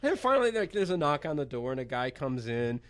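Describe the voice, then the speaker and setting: An American man, a poker pro guest on a radio show, telling a story in an animated, chatty way and laughing as he goes. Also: medium pitch, fast talker. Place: radio studio.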